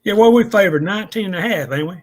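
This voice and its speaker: Folksy man, higher voice. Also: fast. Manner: folksy, plainspoken, explains step by step. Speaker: guest analyst. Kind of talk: casual podcast chat.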